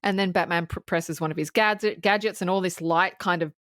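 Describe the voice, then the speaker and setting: A woman co-hosting a casual movie-review podcast, recapping the plot in an animated way with frequent swearing and laughter. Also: lowish voice, brisk, no echo, clean studio sound. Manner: animated storytelling, swears freely, laughs often. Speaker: podcast co-host.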